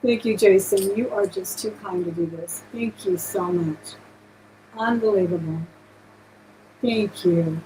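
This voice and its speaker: A woman's voice: mid-range voice, measured pace, noisy background. A woman hosting a live-stream jewelry auction, chatting casually and gushing thanks to her viewers.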